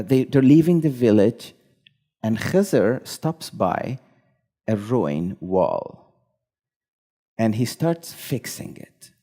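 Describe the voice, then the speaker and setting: A man telling a story at a live event, speaking in measured, short phrases. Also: fairly low pitch, mellow.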